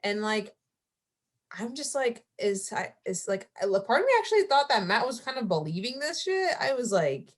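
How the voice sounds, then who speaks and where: A young woman co-hosting a podcast in casual chat, expressive and fond of slang and mock quotes. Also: a little high, normal speed. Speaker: podcast co-host.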